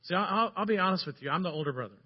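A man delivers a sermon in a fairly high voice, and he tells the story with energy, rising to loud passages and then dropping to a hush. The recording is dull and lo-fi. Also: very fast, husky. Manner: animated storytelling, swinging between loud and hushed. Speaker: preacher.

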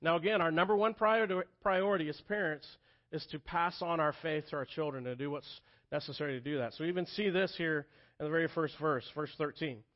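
A man in his thirties preaching a sermon as pastor, telling the story earnestly and dropping soft and quiet for tender moments. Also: on the high side, fast talker, dull audio. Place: church sanctuary.

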